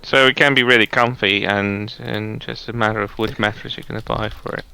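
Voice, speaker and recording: Bright, clear-voiced man chatting. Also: on the low side, fairly even intonation, brisk, rough recording. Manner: hesitant, rambling with fillers. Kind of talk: casual chat.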